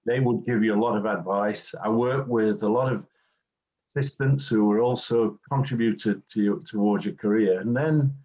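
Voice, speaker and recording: A man's voice: fairly low pitch, normal speed, warm tone, muffled recording. An older English man, a former football referee, reminiscing in an interview and telling anecdotes with acted-out quotes.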